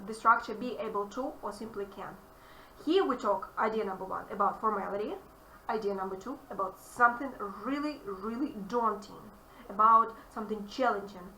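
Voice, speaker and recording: A woman English teacher with a Russian accent, explaining grammar to a student in an animated, emphatic way. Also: fairly high pitch. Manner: animated, emphatic, repeats key phrases. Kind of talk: online grammar lesson. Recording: echoey room, distant mic, faint noise.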